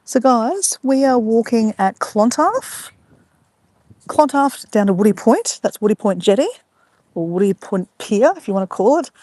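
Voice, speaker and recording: An Australian woman chats freely on a live stream, her phone held out as she strolls along an outdoor beach at dusk. She talks with easy, rambling warmth, greeting viewers by name between stories. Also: a little high, expressive, unhurried, no echo. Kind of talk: casual live-stream chat while walking. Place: outdoors on a beach walk at sunset. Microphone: phone held while walking.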